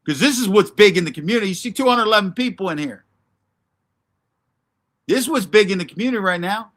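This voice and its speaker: Brash male streamer, bright edgy tone, a bit high, profane and combative while calling out rivals. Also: lively intonation, fast talker, pauses often. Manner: brash, profane, confrontational, answers chat by name. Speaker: livestream host. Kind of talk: ranting livestream commentary.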